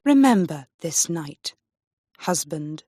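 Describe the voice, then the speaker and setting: A woman's voice: low-pitched, very animated, slow, mellow, dry recording, studio quality, heavily acted. Defiant young queen, as a woman reads her. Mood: cold. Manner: firm, raised and indignant.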